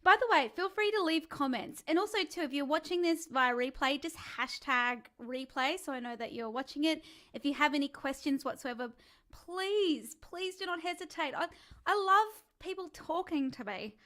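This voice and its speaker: A woman's voice sits high and sounds expressive, bright, and forceful at a normal speed as she coaches a live-streamed singing lesson. She stays chatty and encouraging while demonstrating sighs, whimpers, and calls.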